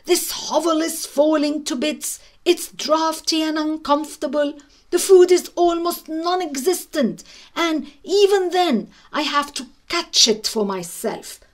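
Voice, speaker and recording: A woman's voice: high voice, a little slow, pitched above the performer's own voice. A woman voicing a fussy, self-important male cat who grumbles and boasts. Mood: grumbling. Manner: complaining, self-important, then wailing.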